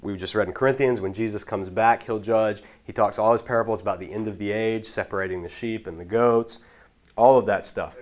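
A man with a fairly low voice gives a casual Bible lesson. He explains things at length and doubles back on his words as he thinks. The delivery is conversational rather than preached. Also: steady tone, fairly quick. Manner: explanatory, with frequent restarts and repeated words. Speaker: Bible teacher. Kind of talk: casual teaching talk.

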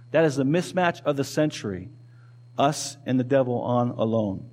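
A man's voice: mid-range voice, expressive, normal speed, a little mellow. A male pastor preaching a sermon in a conversational way, asking the congregation questions and repeating key phrases. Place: church.

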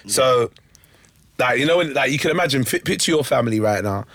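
A young man, a comedian guest on a podcast, telling animated stories and laughing often. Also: mid-range voice, brisk, dry recording. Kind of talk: casual podcast chat.

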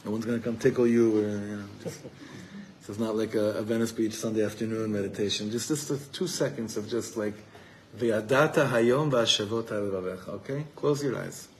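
A man's voice: on the low side, fairly even intonation, fairly quick, a little mellow, slight background noise, low-quality recording. A man from Los Angeles, a rabbi giving an earnest, heartfelt talk to a live evening gathering. He often repeats words while searching for them and weaves Hebrew terms into his speech. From Los Angeles, USA.

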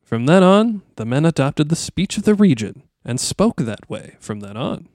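A man's voice: a little high, very animated, normal speed, a little mellow, no echo, studio quality. A man with a Midwestern accent co-hosting a podcast, telling a story loosely and asking curious questions. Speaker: podcast co-host. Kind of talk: casual chat and retelling.

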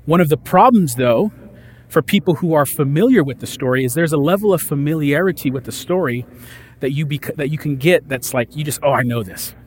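A man preaching a sermon in a casual, conversational way, reading scripture and explaining it with lively asides. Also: fairly high pitch, fairly quick. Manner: conversational, animated, acts out disciples' lines. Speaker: pastor.

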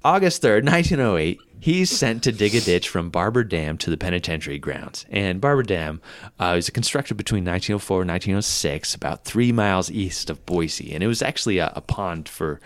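A man's voice: deep voice, animated, brisk, dry recording. A man casually telling a history story as a podcast co-host, laughing often and reading old quotes aloud.

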